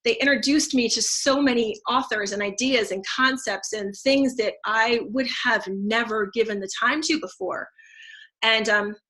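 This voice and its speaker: Full of fillers and restarts, this casual testimonial comes from a teacher in her thirties who also sells essential oils. She speaks effusively about how it helped her, in a fairly high, pushed and bright voice.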